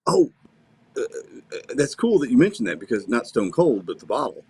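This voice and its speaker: An older man co-hosting a casual podcast, talking in a relaxed, hesitant way with many fillers. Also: medium pitch, normal speed, creaky, husky. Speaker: podcast co-host. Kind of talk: casual chat.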